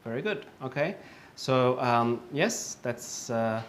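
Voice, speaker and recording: Male teacher, mid pitch, unhurried and patient, repeats each word, fills pauses with "um" and "uh". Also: lively intonation, slight background noise. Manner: frequent fillers and self-corrections. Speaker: English teacher. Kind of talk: online pronunciation lesson.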